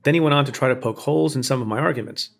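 A man, a former prosecutor, reading a scripted opinion essay in a measured, pointed way with building emphasis. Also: mid-range voice, gravelly. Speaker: former prosecutor narrating commentary.

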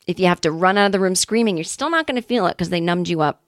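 A woman's voice: fairly low pitch, animated, quick pace, no room sound. Woman comedy podcaster, rambly and self-deprecating, dry close mic, no room sound. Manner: rambling, self-deprecating, candid about anxiety. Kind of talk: casual comedic storytelling.

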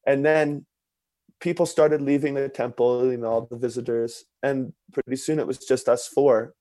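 A man telling a personal story in conversation, earnest and expressive, with many fillers. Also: medium pitch, moderate pace, dry recording.

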